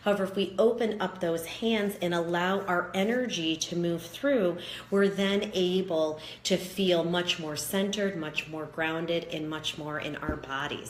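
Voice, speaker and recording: A woman with a slightly low voice leads a self-help lesson in a calm, encouraging way. She explains each step clearly, and the recording carries a roomy echo with a faint hiss underneath. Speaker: wellness teacher. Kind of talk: guided self-help talk. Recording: echoey room with faint background noise.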